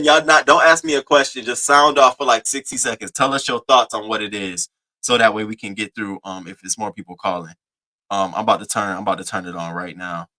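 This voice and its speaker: A man with a medium-pitched voice hosts a casual live-stream commentary. He's animated, greeting viewers by name from the chat and swearing freely.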